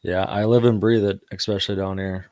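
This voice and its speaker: A man in his thirties chatting casually with an old friend, laid-back and quick to laugh. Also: low-pitched, level tone, darkish tone, no echo. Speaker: guest. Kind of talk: casual chat.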